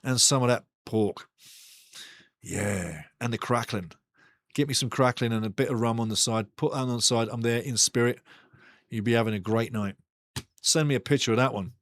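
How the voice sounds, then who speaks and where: Speaking at normal speed with no echo, a man with a mid-range voice hosts a live football watch-along. His casual commentary wanders as he chats with viewers, banters with the chat, and calls the action live.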